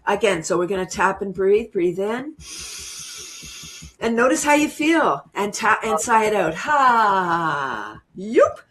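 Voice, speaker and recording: Warm-up coach type: bubbly woman leading laughter and tapping exercises, giggling often. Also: medium pitch, slight background noise. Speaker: laughter yoga teacher, guest. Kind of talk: guided laughter exercise demo.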